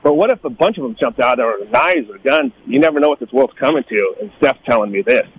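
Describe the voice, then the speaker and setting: A middle-aged man from Northern California in a casual storytelling talk, animated, acting out the people he quotes in a higher voice. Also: fast talker, dull audio, slight background noise. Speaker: guest telling life stories.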